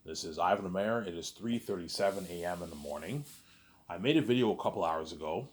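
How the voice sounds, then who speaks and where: A man's voice: deep voice, lively intonation, quick pace, a little hiss or hum. A man vlogging a late-night monologue, meandering and repeating himself, restarting sentences and saying "obviously" again and again.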